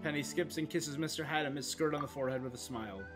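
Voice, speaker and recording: A man's voice: a little high, fast. A young man streaming a game, reading its dialogue aloud and putting on character voices, with playful asides. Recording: game music faintly behind.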